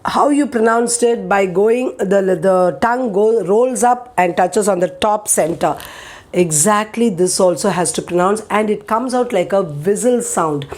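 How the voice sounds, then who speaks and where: A woman's voice: mid-range voice, unhurried, a little mellow. A woman, patiently teaching pronunciation and repeating each word for learners. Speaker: language teacher. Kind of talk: pronunciation lesson.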